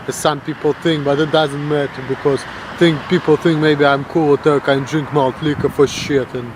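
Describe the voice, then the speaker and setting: A man's voice: fairly high pitch, noisy background. A young Russian man with a Russian accent, ranting bluntly and crudely on a vlog. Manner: blunt, crude, mocking the voices of others. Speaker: vlogger. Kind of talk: blunt profane rant.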